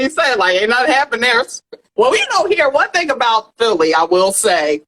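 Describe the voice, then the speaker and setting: A woman co-hosting a casual podcast chat, animated, laughing often and swearing freely. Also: a little high, brisk, low-quality recording. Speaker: podcast co-host.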